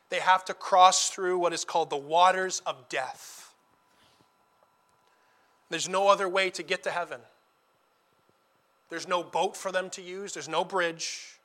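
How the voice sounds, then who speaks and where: A high, bright male voice preaching a sermon with earnest conviction. He moves between quiet, intimate storytelling and loud, emphatic declarations, repeating phrases for weight.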